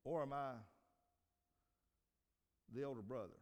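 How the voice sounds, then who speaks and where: A man preaching a sermon who repeats and restarts his phrases, rises to emphatic peaks, then trails off low. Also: unhurried, a little mellow. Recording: long hall reverb.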